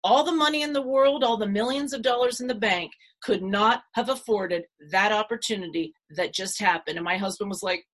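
A middle-aged woman, a podcast guest, telling a story dramatically and acting out what people said with big swings in pitch and loudness. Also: a little fast, few pauses. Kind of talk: animated storytelling.

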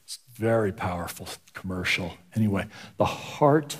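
A man's voice: deep voice, lively intonation, normal speed, breathy edge. A man preaching a conversational sermon as pastor, often stumbling and repeating words as he talks. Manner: stammering repetitions, conversational.

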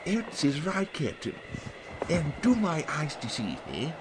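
A man's voice: fairly high pitch, wildly swooping pitch, a little slow, noisy background, pitched below the performer's own voice. A man voicing a cheery expedition member who makes puns. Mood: earnest.

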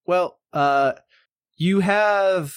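A man's voice: high voice, extremely slow, clean tone, no echo. Casual man running a tabletop game. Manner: casual, swearing, filler-heavy narration. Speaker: game master.

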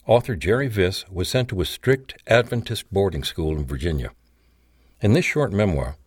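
A man reading a memoir aloud as narrator in a measured, even style. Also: sits low, husky, no echo, studio quality. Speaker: audiobook narrator. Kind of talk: scripted narration.

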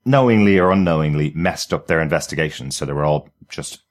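A man's voice: rumbling low, a little fast. A man co-hosting a podcast, chatting enthusiastically about a TV series and repeating words as he thinks. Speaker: podcast co-host reviewing a TV series. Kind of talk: casual review chat.

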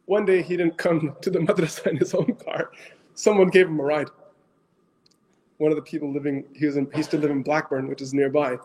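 A middle-aged man, an Islamic scholar with as his tongue, tells stories to an audience in an animated way, asks his listeners questions and mixes in phrases. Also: on the high side, fairly quick, breathy edge. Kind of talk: storytelling talk to an audience.

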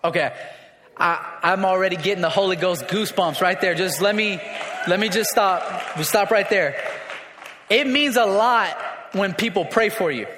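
A male pastor delivers a sermon in a high, animated register, pressing his points home by repeating phrases and asking the congregation to answer back. His voice rings out sharp and bright. The sound carries a long, roomy reverb, as if caught in a large church sanctuary. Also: normal speed, some chatter behind, a little hiss or hum. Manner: emphatic, repeats phrases, calls for congregation response. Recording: echoey hall with long reverb.

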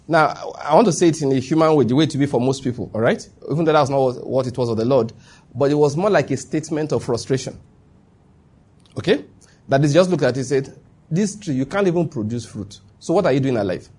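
A man's voice: a little high, warm tone, slightly rough. A man giving a conversational sermon, full of asides and rhetorical questions. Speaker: preacher.

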